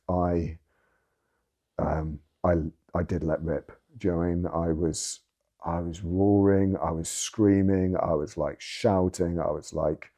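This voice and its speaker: Candid personal testimony from a man interviewed in a low, husky voice with a dark, mellow tone. He's earnest, leans heavily on words, and swears for emphasis.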